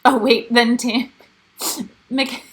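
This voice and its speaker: A woman co-hosting a casual recap show, chatting and quoting people with animated emphasis. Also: a little high, very slow, poor audio. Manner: animated, quotes cast members. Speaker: co-host.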